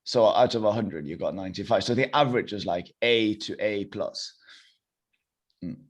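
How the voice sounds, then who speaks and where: A young man teaching a live online language class over a video call, encouraging and repeating phrases slowly. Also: lowish voice.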